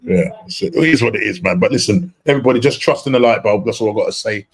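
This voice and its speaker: Husky low-voiced panel guest. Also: male voice, animated, fast. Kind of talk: casual chat.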